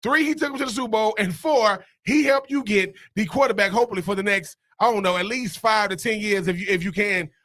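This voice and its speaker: An opinionated male co-host on sports talk radio, with a high voice. He argues emphatically and counts off his points one by one. The sound is dry and close to the mic. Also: brisk, hardly any pauses, a bit bright, dry recording.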